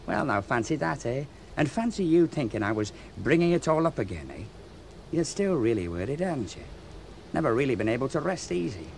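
A man's voice: mid-range voice, sing-song, brisk, gravelly, darkish tone, a little hiss or hum. A menacing able seaman. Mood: taunting. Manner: taunting, then threatening. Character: menacing, grudge-holding male able seaman. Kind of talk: radio play acting.

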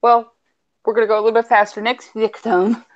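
A woman's voice: fairly high pitch, flat delivery, dull audio. Chatty woman calling auction bids. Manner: brisk bid-calling, chatty asides. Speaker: auctioneer co-host.

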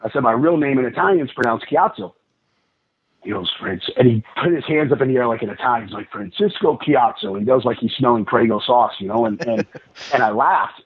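A man's voice: medium pitch, husky. A man telling stories as a podcast guest, rambling and acting out dialogue as he goes. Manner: rambling, quick, lively with acted-out dialogue. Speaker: guest, pro wrestler. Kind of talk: casual storytelling on a podcast. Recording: tinny phone-line sound.

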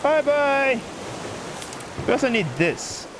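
Gaming YouTuber, male, high lively voice with a fake Irish lilt, hollers and cusses at the game over noisy audio. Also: normal speed. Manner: jokey put-on Irish lilt; excitable, swearing, yelling at the game. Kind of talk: let's play commentary.

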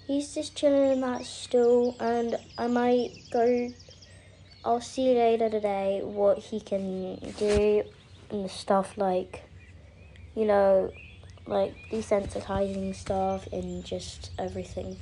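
A woman chatting casually as she vlogs, rambling along and trailing off into soft asides. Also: medium pitch, a little hiss or hum. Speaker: vlogger. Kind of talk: casual vlog chat.

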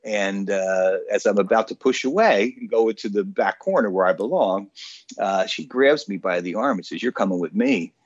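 A man's voice: fairly low pitch, moderate pace, no echo, lo-fi sound. A man in his sixties, a radio show guest, telling an anecdote in a casual way with lots of fillers. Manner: animated storyteller with frequent fillers. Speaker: guest, author.

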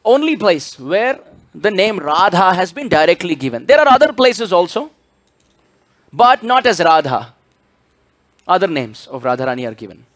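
A man preaches in a lively, swooping voice that sits high for a man. He tells the story with animation and breaks into chanted scripture verses. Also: normal speed, pauses often. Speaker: spiritual speaker. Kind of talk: sermon.

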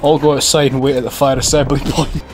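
A man's voice: medium pitch, little pitch movement, fast talker, a little mellow, soft background music. A man giving sarcastic, sweary let's-play commentary over a video game. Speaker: gaming commentator.

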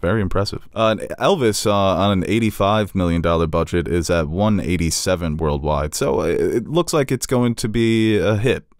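A man's voice: low voice, moderate pace, few pauses, no echo, clean studio sound. A man co-hosting a casual podcast, chatting, laughing often and running through box office figures. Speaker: podcast co-host.

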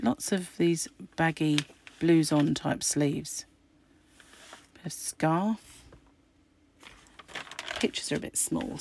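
Croaky middle-aged craft host, deep gravelly voice, chatty and musing. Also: female voice, a little mellow, a little hiss or hum. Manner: chatty, musing aloud while flicking through pages. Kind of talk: casual magazine unboxing chat.

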